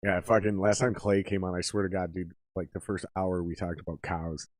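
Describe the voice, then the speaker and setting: A young man hosting a podcast speaks in a lowish voice, loose and animated, cursing freely and calling his guest dude. The sound is dry and close. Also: a little fast, no room sound. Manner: animated, heavy swearing, calls guests dude. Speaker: podcast host. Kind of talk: casual chat.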